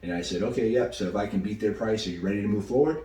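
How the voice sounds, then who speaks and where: Young man with a deep voice, talks fast and loose, cursing as he tells a story, recorded at a distance in a roomy space. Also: dark tone. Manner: casual, swears freely, quotes people in quick asides. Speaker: real estate investor. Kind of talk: casual storytelling. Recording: roomy echo, mic at a distance.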